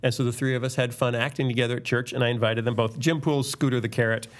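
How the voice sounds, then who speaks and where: A man's voice: medium pitch, fairly even intonation, fast. A man hosting a casual podcast chat, joking and reading listener questions aloud. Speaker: podcast host.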